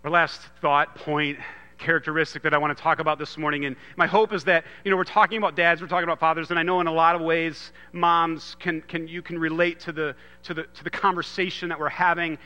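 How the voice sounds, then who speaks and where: A man in his thirties giving an earnest sermon, moving from loud emphasis to hushed storytelling. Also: a little high, flat delivery, fast, clear, resonant tone, long reverb tail. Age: 30s. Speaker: pastor.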